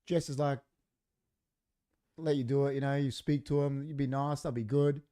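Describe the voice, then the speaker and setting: A man's voice: mid-range voice, normal speed. A man, a podcast co-host telling a story in casual chat in a studio, acting out what people said. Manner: animated, acts out quoted dialogue.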